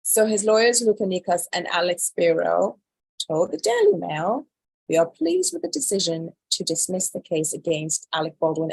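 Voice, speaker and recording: A woman's voice: fairly low pitch, vocal fry, breathy edge, dry recording, poor audio. A woman hosting a live show, chatting about the news and reading headlines aloud with an incredulous, chatty manner. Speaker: host. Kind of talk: casual news commentary livestream.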